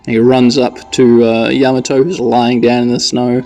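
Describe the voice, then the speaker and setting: Gravelly man narrating a game casually. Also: medium pitch, normal speed, faint music behind. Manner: rambling, relaxed, self-correcting. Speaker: podcast host narrating gameplay. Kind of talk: casual sleep-podcast narration. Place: side entrance of a half-built house.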